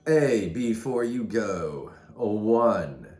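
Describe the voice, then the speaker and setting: A man's voice: lowish voice, animated, very slow, a little mellow, reverberant. A man telling hiking trail stories in a rambling, casual way, tossing in "man" and "dude" often. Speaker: hiker vlogger. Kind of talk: casual storytelling.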